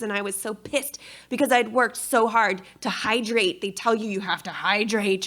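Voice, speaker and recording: Candid woman presenting at a conference. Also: a little high. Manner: candid and expressive, mixing scholarly reading with frank personal storytelling. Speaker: academic conference panelist.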